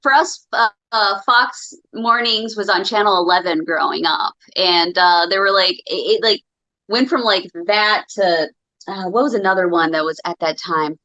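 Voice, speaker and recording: A woman co-hosts a casual podcast chat, her voice bright and forward. She rambles through her thoughts with plenty of fillers and false starts. The sound is a little dull and lo-fi. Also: medium pitch, normal speed. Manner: rambling, many fillers and restarts. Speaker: podcast co-host.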